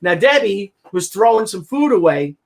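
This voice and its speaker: A man with a high voice hosts a casual chat show. He tells stories in a slangy, excitable way and acts out every person he mentions. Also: moderate pace, creaky. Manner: animated, acts out the people in his stories. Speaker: show host.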